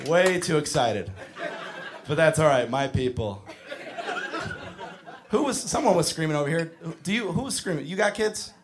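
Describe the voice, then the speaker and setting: A man doing a stand-up comedy set on a club stage, animated and breaking into shouted impressions. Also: on the high side, moderate pace, long pauses, background noise.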